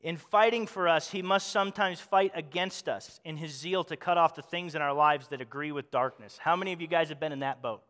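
A man's voice: on the high side, brisk, hardly any pauses, a bit bright. A man preaching a sermon as pastor, earnestly asking the congregation questions. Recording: long hall reverb.

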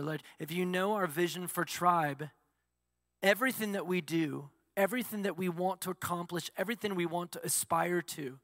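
Bright, high-voiced male preacher. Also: creaky, dry recording, studio quality, in a large hall. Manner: asks the congregation questions and answers them. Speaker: pastor. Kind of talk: sermon.

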